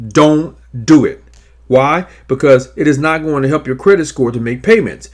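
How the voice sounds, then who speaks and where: A man narrating scripted instructions on negotiating debts, in a measured, emphatic coaching manner. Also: a little high, lively intonation, darkish tone. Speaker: credit repair advisor.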